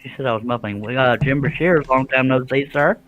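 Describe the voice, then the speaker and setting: A man's voice: medium pitch, a little fast, dull audio, crowd noise. A middle-aged man hosting a live stream, chatting casually, joking about himself and greeting viewers by name.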